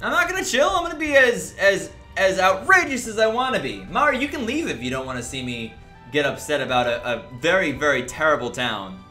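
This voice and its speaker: Exasperated high-voiced male streamer. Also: big pitch swings, brisk, pushed and bright, faint music behind. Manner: exasperated ranting at players. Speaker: game streamer. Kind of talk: livestream commentary.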